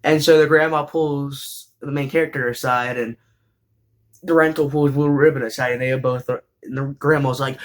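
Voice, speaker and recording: A man's voice: mid-range voice, steady tone, moderate pace. Rambling young man recapping an anime. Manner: rambling, hesitant with many fillers. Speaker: show host.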